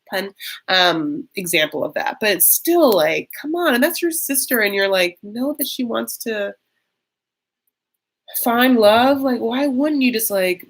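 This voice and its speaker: Chatty, catty woman reacting live. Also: mid-range voice. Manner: chatty and catty, reads viewer comments aloud, heavy use of "like". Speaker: host of a live reaction stream. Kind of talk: casual live reaction chat.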